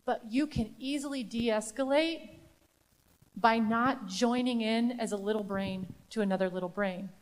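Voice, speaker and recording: A woman's voice: a little high, unhurried. A woman presenting a live training to educators, talking emphatically and asking the audience rhetorical questions. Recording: long hall reverb.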